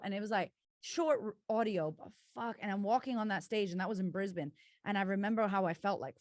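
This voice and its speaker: A woman's voice: mid-range voice, fairly quick, no room sound, studio quality. Emphatic foul-mouthed woman telling a story. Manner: swears freely, emphatic and expressive storytelling. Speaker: guest, confidence coach. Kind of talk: candid casual conversation.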